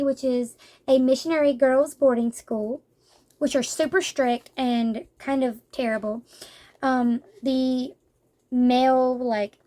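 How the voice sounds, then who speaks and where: A woman's voice: high voice, mellow. A woman casually retelling and reviewing a manga in a chatty, rambling way, with frequent fillers.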